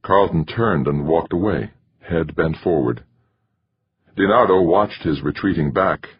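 A man narrating a novel in a steady storytelling manner, in a dull lo-fi recording. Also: low voice, a little slow, slightly rough. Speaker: audiobook narrator. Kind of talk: scripted narration.

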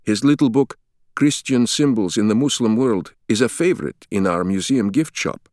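A man's voice: lowish voice, animated, normal speed, darkish tone, no room sound, studio quality, voice pushed up, lightly acted. A man voicing an eager, slight Turkish museum guide who speaks enthusiastically with a Turkish accent. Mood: enthusiastic. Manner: gushing, enthusiastic.

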